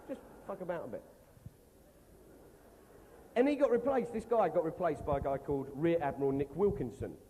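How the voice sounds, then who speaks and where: Lively comedian on a live stage. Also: male voice, a little high, moderate pace, pauses often, slight background noise. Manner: animated, sweary, mocking. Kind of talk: stand-up comedy storytelling. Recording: reverberant live stage recording.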